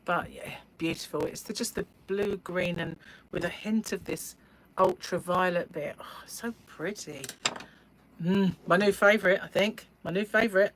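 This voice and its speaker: Middle-aged English woman, live-stream host, rambling chatty delivery with frequent laughs, lower voice. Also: normal speed, slight background noise, rough recording. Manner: gushing over yarn colours. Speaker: yarn shop owner and livestream host. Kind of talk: casual chat while crocheting.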